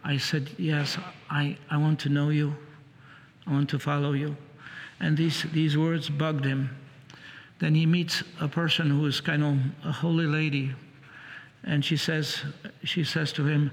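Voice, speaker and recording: A man preaching, retelling another man's conversion story in a halting, repetitive way, with many restarts. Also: fairly high pitch, flat delivery, creaky. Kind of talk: sermon storytelling. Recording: long hall reverb.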